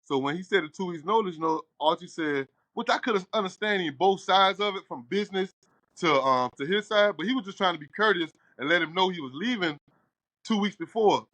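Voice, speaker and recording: A middle-aged man, talking casually in his barbershop. He tells his story with animation and slips into the other people's lines as he goes. His voice sits a little high and sounds bright and forceful, recorded close and dry. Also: a little fast, dry recording. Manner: animated storyteller, acts out quoted dialogue. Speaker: barbershop owner.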